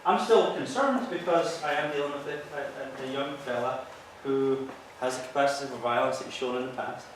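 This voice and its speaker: A man's voice: medium pitch, normal speed, a little hiss or hum. A man who is a police officer giving a training talk to an audience, earnest and explanatory, walking listeners through stories from his calls. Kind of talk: presentation to an audience. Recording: echoey hall, mic from far off.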